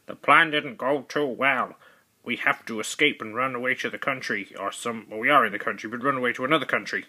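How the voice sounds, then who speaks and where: A man's voice: medium pitch, brisk, pushed and bright, breathy edge. A man voicing an evil male duck who plots to take over the world, quacking as he schemes. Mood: scheming. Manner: grandiose, quacking between words.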